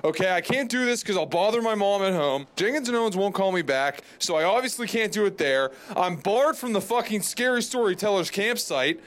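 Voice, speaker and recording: A man's voice: high-pitched, animated, fairly quick, hardly any pauses, fairly bright tone. A man in a comedic monologue, ranting in an agitated, rambling way with lots of restarts. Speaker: comic character monologue. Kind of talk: frantic comedic rant. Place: public library.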